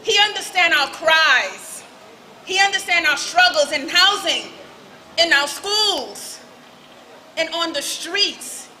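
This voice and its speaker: Woman firing up a street rally, really high bright voice, faint outdoor noise. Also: expressive, takes it slowly, poor audio. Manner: rousing call-and-response with the crowd. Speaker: political speaker at a rally. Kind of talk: rally speech.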